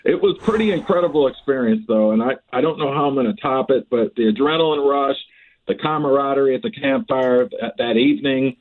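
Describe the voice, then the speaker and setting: A man on a podcast as a guest, telling a lively story, often laughing and restarting phrases. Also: mid-range voice, fairly quick. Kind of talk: animated storytelling. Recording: tinny phone-like line.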